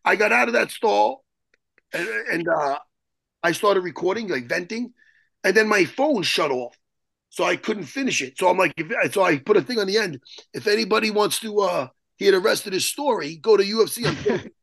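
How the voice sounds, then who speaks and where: A man telling a story as a guest in an interview, excitable and profane, rambling and restarting his sentences. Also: high voice, moderate pace, vocal fry, dry recording. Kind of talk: animated storytelling in a podcast interview.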